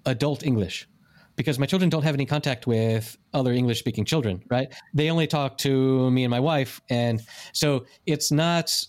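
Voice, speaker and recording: A man's voice: medium pitch, normal speed, darkish tone. A man in his forties, hosting a casual podcast chat and rambling with many restarts.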